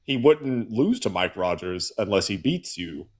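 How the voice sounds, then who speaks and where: A man's voice: lowish voice, very animated, a little slow. A man from the American South co-hosting a political livestream, ranting with sarcastic exasperation. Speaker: co-host. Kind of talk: political commentary rant.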